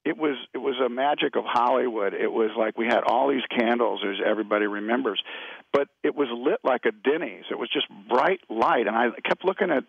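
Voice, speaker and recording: Gravelly man, middle-aged, from California, rambling laid-back storyteller, dull lo-fi radio sound. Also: medium pitch, a little fast, no room sound. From California, USA. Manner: laid-back, rambling anecdotes with many restarts. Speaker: guest actor.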